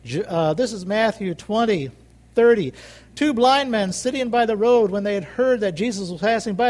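High-voiced man preaching a sermon. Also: animated, normal speed, darkish tone. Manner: emphatic, repeats phrases, calls for amens.

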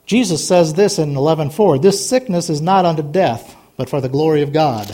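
Folksy high-voiced preacher. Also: male voice, lively intonation, normal speed, warm tone. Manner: folksy, rambling preaching with asides and laughs; rises to a fervent, exhorting tone. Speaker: pastor. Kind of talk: sermon.

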